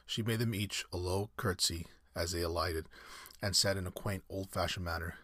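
A man reading a classic story aloud in measured, scripted narration. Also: sits low, fairly even intonation, pushed and bright, no room sound, studio quality.

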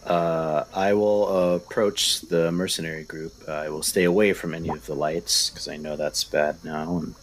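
Very deep-voiced man at a game table. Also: flat delivery, normal speed, hardly any pauses, slight background noise, low-quality recording. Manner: casual, hesitant. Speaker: player.

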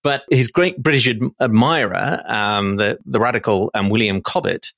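Forceful low-voiced man. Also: moderate pace, vocal fry, no echo. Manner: animated storyteller, laughs often, some restarts. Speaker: guest historian. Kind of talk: conversational podcast discussion.

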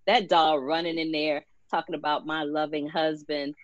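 Woman, low voice, sassy, blunt, casual chat, muffled dry recording. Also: little pitch movement, normal speed, dry recording. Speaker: co-host of soap recap show. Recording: dull dry lo-fi mic.

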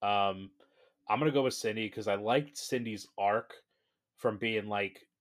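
A man co-hosting a casual podcast chat, talking in an animated way and acting out scenes. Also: lowish voice, unhurried. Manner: animated, laughing, acts out scenes. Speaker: podcast co-host.

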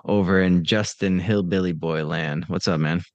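A man's voice: deep voice, fairly even intonation, moderate pace, no echo, lo-fi sound. A man hosting a podcast, chatting casually in a rambling, profane and teasing way. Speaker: podcast host. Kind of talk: casual chat.

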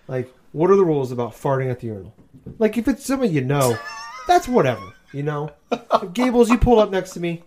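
A man's voice: a little high, very animated, quick pace, darkish tone, slight background noise. A man in casual chat, rambling and crude with lots of swearing, tired and a bit delirious from overwork.

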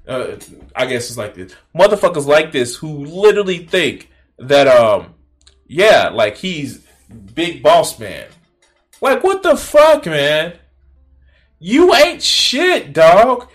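A man's voice: on the high side, huge pitch swings, takes it slowly. A man hosting a reaction video, talking in a casual, profane and incredulous way, mocking and laughing at what he watches.

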